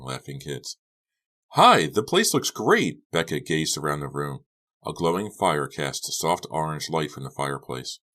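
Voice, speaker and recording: A man narrating an audiobook in a steady, measured storytelling manner. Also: a bass voice. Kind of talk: scripted narration.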